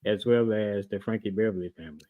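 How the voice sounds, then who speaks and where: A man's voice: fairly low pitch, fast talker, phone-quality sound. A man co-hosting a podcast, chatting in an easygoing way with brief replies. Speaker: podcast co-host. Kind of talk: casual chat.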